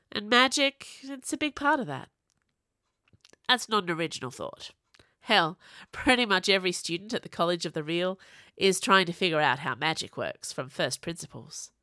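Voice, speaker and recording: Woman author narrating her novelette, wry and lively, lowish voice, close dry podcast mic. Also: no room sound. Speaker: author reading her own fiction. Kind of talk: audiobook story narration.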